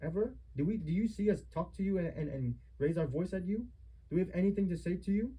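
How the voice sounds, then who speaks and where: A man's voice: sits high, expressive, fast, slightly rough, muffled recording. A man giving a family member a heated lecture at home, stern and repetitive as he scolds.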